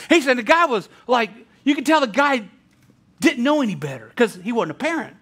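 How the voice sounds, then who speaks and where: A man preaching a sermon as pastor, animated and quick to laugh, acting out a story with voices. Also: very high-pitched, breathy edge. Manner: animated, laughs often, tells stories with voices.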